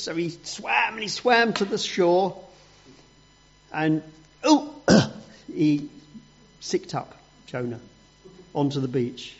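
A man telling a story to a group of children in an animated, playful way. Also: on the high side, highs cut off.

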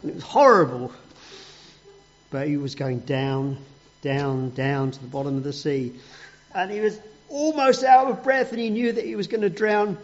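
A man telling a story to a group of children in an animated, playful way. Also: fairly high pitch, normal speed, lo-fi sound.

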